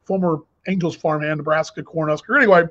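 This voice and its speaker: High-voiced husky man hosting a chat. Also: quick pace, a bit bright, dull audio. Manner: rambling storyteller, full of restarts. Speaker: host. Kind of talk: casual chat on a video call. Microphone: video call.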